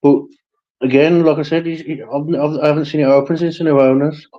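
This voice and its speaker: A man's voice: on the high side, steady tone, brisk. A man, telling rambling anecdotes in casual chat and swearing freely. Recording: dull lo-fi stream audio.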